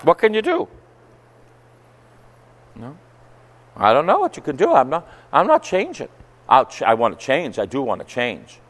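A male Catholic priest preaching a sermon, telling stories emphatically and rising to forceful outbursts. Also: mid-range voice, wildly swooping pitch, moderate pace, long pauses. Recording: long church hall reverb.

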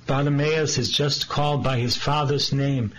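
A man preaching a sermon as a priest, slow and earnest, pressing his listeners with direct questions. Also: medium pitch, steady tone, fairly bright tone, a little hiss or hum, rough recording.

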